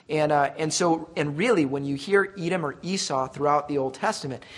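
A man preaching a conversational sermon as pastor, slowing down to voice God's promises with emphasis. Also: on the high side, husky, long reverb tail.

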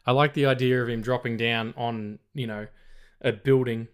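A relaxed man hosting a film chat podcast at a middle pitch. He talks casually, swears easily, and drifts into reading out movie trivia. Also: moderate pace, smooth. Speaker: podcast host.

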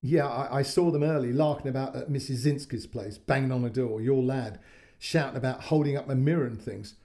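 An easygoing, friendly man of about fifty, chatting in a loose, colloquial way, as a storyteller voices him. His tone is mellow and warm, never sharp. Storybook telling. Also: medium pitch, brisk, close to an everyday voice.

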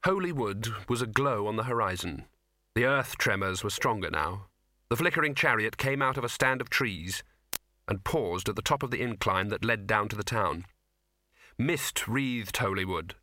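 A male narrator reading a comic fantasy audiobook with expressive storytelling. His tone is bright with a lively rise and fall, recorded close and dry. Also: fairly low pitch, moderate pace, no echo. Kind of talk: scripted narration.

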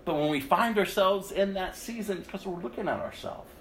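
A man preaching a sermon, reading scripture aloud and then commenting, swinging from loud outbursts to hushed, intense lines. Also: high-pitched, a little fast, roomy sound, a little hiss or hum, rough recording. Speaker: pastor.

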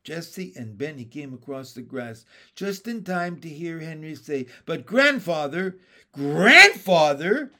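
A man narrating a children's chapter book aloud, reading slowly and expressively. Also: a little high.

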